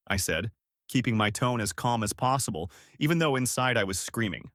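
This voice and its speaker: A man's voice: medium pitch, animated, brisk, a bit bright, no echo, studio quality. A man telling a first-person story in a wry, sardonic scripted narration.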